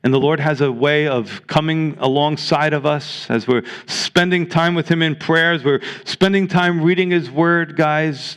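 A man's voice: medium pitch, fairly bright tone. A man preaching a sermon as pastor, earnest and exhorting, reading scripture aloud to his congregation.

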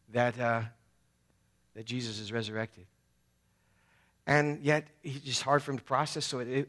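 A man's voice: medium pitch, fairly bright tone. A man preaching a sermon at a church service, casual and conversational, dropping in slang as he talks. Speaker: pastor.

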